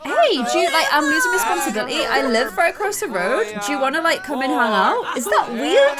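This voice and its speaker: A woman in her twenties chats through her gameplay in a bubbly, exclamatory way, talking straight to her viewers. Her voice sits fairly high and swoops up and down a lot. She sounds a little stuffy and sneezy. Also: a bit bright. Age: 20s. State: congested and sneezy. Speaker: gaming YouTuber. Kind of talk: casual gameplay commentary.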